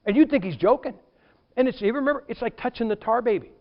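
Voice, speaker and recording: High-voiced animated preacher, lo-fi. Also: male voice, quick pace. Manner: animated storytelling preacher, acts out quotes. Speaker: pastor. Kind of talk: sermon.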